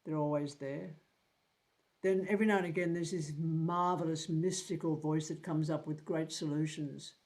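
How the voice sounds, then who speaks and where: A man's voice: fairly high pitch, fairly even intonation, moderate pace, a little mellow. A man in his seventies teaching a tarot group in a casual, blunt way, swearing freely and repeating words while he thinks. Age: 70s.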